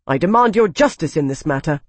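A narrator voicing an arrogant young male noble who speaks in a high, indignant, hissing tone. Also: animated, brisk, breathy edge, no echo. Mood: outraged.

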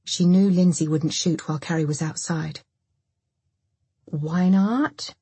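An audiobook narrator with a low, very breathy, husky voice reads a dark story in a steady, measured way. It's scripted narration, recorded close and dry with no room echo.

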